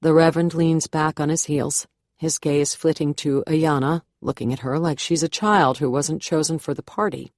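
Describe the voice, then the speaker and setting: Woman audiobook narrator, low voice, measured and wry, dry close studio sound. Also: darkish tone, no echo. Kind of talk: first-person thriller audiobook narration.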